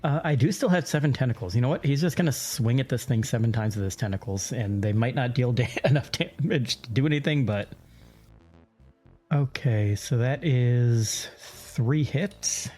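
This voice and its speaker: A chatty player working through rules aloud, middle-pitched and easygoing, breaking into laughs. Soft music sits faintly behind him. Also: male voice, moderate pace. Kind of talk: tabletop game play.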